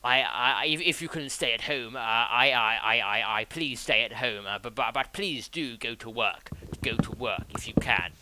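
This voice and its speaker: A man's voice: mid-range voice, moderate pace, hardly any pauses, rough recording. A man doing a stammering politician. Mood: blustering. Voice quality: stammering, dithering with many filler sounds. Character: blustering, stammering older British male politician. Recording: loud background noise and clicks.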